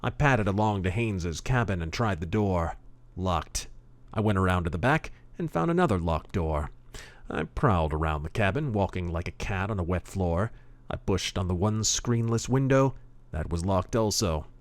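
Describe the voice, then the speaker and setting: A man with a very low voice reads a pulp detective story in a gruff, deadpan way. His delivery is clipped and hard-boiled. The recording is dry and close. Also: moderate pace, dry recording. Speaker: audiobook narrator. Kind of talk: hard-boiled first-person audiobook narration.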